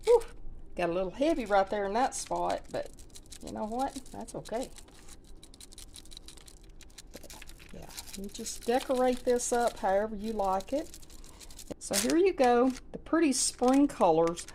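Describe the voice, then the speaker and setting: A woman's voice: on the high side, expressive, unhurried, gravelly, pauses often, warm tone, a little hiss or hum. A woman hosting a home cooking video, talking viewers through a recipe in a homey, chatty way. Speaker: recipe channel host. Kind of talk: casual cooking demo.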